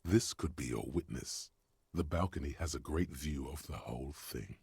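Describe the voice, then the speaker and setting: A deep gravelly game narrator. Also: male voice, normal speed, darkish tone, no room sound, full character voice. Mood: wry. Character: grave omniscient male inner narrator.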